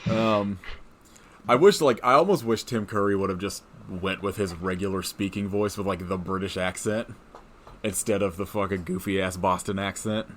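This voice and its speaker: A man's voice: sits low, normal speed, fairly bright tone, slight background noise. A man co-hosting a podcast in casual chat, rambling, swearing freely and laughing often. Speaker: podcast co-host.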